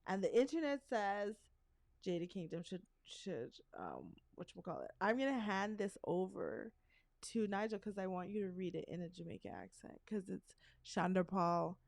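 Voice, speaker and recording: Middle-aged female podcast co-host, chatty storyteller, mid-pitched, dry sound. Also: lively intonation, moderate pace, gravelly, darkish tone, no room sound. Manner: chatty storyteller, rambling asides. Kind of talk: casual chat.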